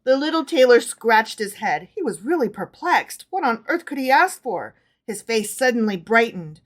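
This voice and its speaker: A woman with a fairly high voice reads folk stories aloud to her co-host. She is animated during the reading and drops into casual, joking asides between passages. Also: moderate pace. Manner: animated reader, chatty asides, casual swearing.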